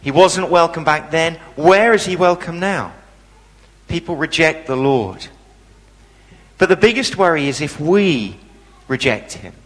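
A man's voice: on the high side, lively intonation, a little slow, long pauses, a bit bright, big-room sound, low-quality recording. A man preaching a sermon, telling a story with animation and asking the congregation questions.

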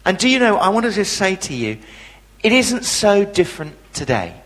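High-voiced preacher in an echoey hall. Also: male voice, normal speed. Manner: animated storyteller, asks the congregation questions. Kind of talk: sermon.

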